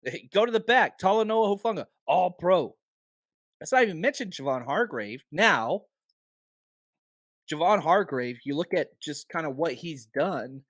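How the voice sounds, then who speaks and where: A man hosting a casual sports podcast, animated and firing off rhetorical questions, a bit hoarse from talking a lot. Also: fairly high pitch, a little slow, no echo, studio quality. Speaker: podcast host.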